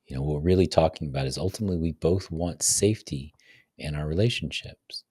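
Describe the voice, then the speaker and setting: A man's voice: very deep voice, quick pace, dark tone, slightly rough, no echo, clean studio sound. A man, a men's coach, guesting on a podcast and explaining ideas reflectively, often checking in with "right?". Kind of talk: casual podcast conversation.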